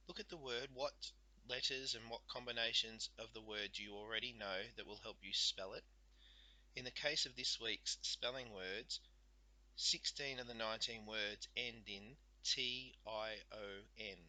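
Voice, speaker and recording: A male teacher explains spelling in a very bright, sharp voice, slowing down to sound out each letter and syllable. The recording is close and dry, with no room sound. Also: lowish voice, no room sound, rough recording.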